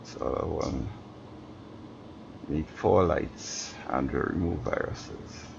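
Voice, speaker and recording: A tired man giving slow, mumbling casual commentary over gameplay on a stream, talking to himself as he plays. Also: extremely low pitch, vocal fry. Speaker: gaming streamer. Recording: dull lo-fi stream audio with background noise.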